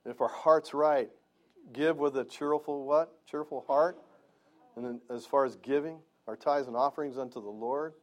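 A male pastor speaks at a moderate pace during a church sermon, his voice at an ordinary middle pitch for a man. His preaching is earnest and conversational, with frequent questions to the congregation.

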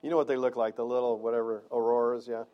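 A male pastor delivering a sermon in a church. He preaches in an earnest, conversational way, often turning to the congregation with questions. His voice sits at an ordinary middle pitch for a man. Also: flat delivery, fast, muffled recording.

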